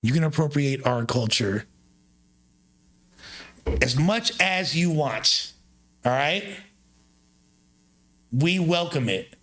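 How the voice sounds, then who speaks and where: A man hosting a casual live chat, talking in loose slang and jumping his pitch up for emphasis. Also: expressive, takes it slowly, long pauses, fairly bright tone. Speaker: streamer host.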